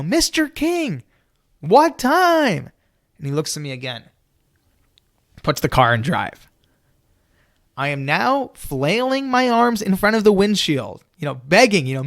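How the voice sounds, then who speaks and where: A young man telling a personal story in a lively, animated way, acting out his younger self and often saying "you know". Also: dry recording, studio quality. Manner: lively, acts out his own younger self in a high excited voice; peppers speech with "you know". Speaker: storyteller guest.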